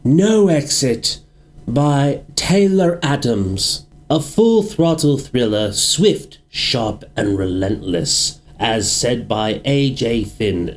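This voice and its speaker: A man's voice: lowish voice, slight background noise. A man putting on a dramatic announcer voice to read a book's back-cover blurb.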